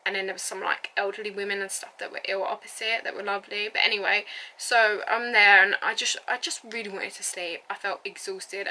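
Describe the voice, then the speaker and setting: Woman, twenties, bright and chatty, giggly rambling vlog storyteller. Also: mid-range voice, slight background noise, poor audio. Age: 20s. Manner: rambling, lots of fillers and likes, giggly. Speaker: vlogger. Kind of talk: casual storytelling.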